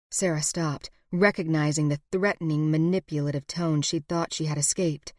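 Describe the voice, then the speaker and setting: A woman reading a romance novel aloud in an even, measured narration. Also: low-pitched, no echo, clean studio sound. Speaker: audiobook narrator.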